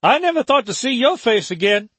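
Storybook: male narrator plays sharp-tongued older housekeeper woman, high and scolding, dry booth sound. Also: big pitch swings, fairly quick, breathy edge, no echo, exaggerated voice. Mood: scornful.

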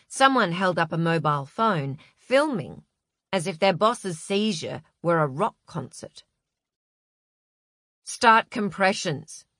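Slow, low-voiced woman narrator. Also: fairly bright tone, dry recording, clean studio sound. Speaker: audiobook narrator. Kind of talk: scripted narration.

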